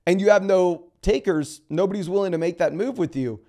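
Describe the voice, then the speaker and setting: Guy breaking down fantasy football trades, slightly higher voice, chatty and quick, restarts a lot. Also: warm tone. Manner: fast, conversational, restarts sentences. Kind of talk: solo dynasty football analysis.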